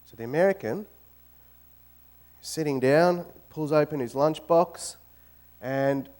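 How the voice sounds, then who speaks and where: An Australian man speaking to a crowd in a university auditorium. His voice sits a little high for a man, and he tells jokes in a lively way, getting louder as he goes. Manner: lively storyteller, grows loud when telling jokes. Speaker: guest speaker. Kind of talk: informal talk with joke-telling.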